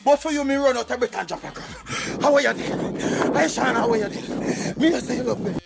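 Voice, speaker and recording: A man's voice: very high-pitched, a little fast, creaky, heavy background noise. A man with a Jamaican accent in a comedic rant, scolding and playful, sometimes chanting.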